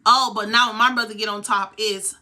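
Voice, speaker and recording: A woman's voice: mid-range voice, steady tone, fairly quick, pushed and bright. A young woman vlogger telling a heated, profane story from her own life. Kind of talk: storytime vlog.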